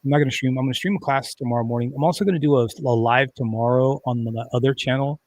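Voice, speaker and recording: A livestream host speaks in a mid-range, somewhat dark voice, talking fast. He rambles conversationally through a casual stream, restarting often and using lots of fillers.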